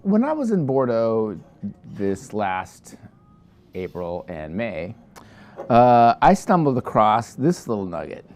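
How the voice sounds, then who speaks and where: A man pitches a wine from his shop in a loose, chatty review. He rambles and sidetracks himself, restarting his sentences often, in a mellow, darker voice. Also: wildly swooping pitch, takes it slowly. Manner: rambling, digressive, many restarts.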